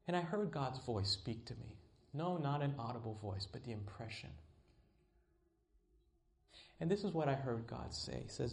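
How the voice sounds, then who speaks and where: A middle-aged man preaching a sermon in an earnest voice, rising to pleading and dropping to quiet tones. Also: animated, fairly quick, gravelly. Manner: earnest, swings from pleading highs to quiet lows. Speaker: pastor.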